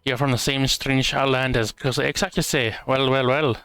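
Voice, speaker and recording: A man's voice: medium pitch, steady tone, moderate pace, fairly bright tone, clean tone, no echo, soft background music, close to an everyday voice. A man voicing a brash, blunt dwarf hunter in a game, with a clumsy put-on accent. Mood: gruff.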